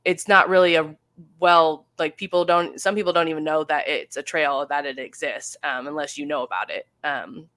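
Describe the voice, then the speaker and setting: Woman, 30s, deep for her sex, chatty guest storyteller with many fillers; dry recording. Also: moderate pace, fairly bright tone, no room sound. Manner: chatty, full of fillers and acted-out quotes. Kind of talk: casual storytelling.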